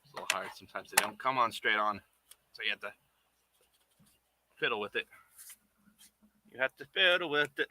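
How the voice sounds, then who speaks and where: A man's voice: on the low side, expressive, fairly quick, long pauses, sharp tone, slight background noise. A man making a puppet who chats casually and playfully with viewers, rambling and chuckling as he works. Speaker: puppet maker streaming live. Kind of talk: casual chat while working.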